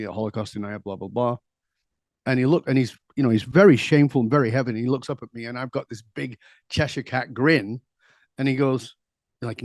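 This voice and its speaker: A middle-aged man, a guest on an interview show, telling stories in an animated, conversational way, laughing easily and throwing in quick asides. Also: medium pitch, no room sound, studio quality. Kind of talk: conversational storytelling.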